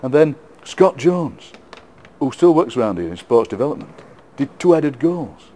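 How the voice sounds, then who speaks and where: Middle-aged yorkshire bloke yarning away, laughs a lot, trips over his words, normal pitch. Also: moderate pace. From England. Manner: animated anecdotes, laughs often, repeats words. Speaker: interview guest, poet. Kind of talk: casual storytelling interview.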